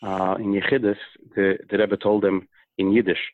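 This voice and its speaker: A singer from Minnesota talking about his music as an interview guest, speaking haltingly with many pauses. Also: fairly low pitch, flat delivery, dry recording. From Minnesota, USA. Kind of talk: casual phone interview. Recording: tinny phone line.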